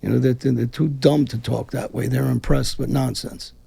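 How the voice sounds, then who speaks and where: Gravelly, husky and dark in tone, his mid-range voice stays steady at a moderate pace. He is a former mafia man from Brooklyn appearing as an interview guest, casual but blunt, combative and full of profanity.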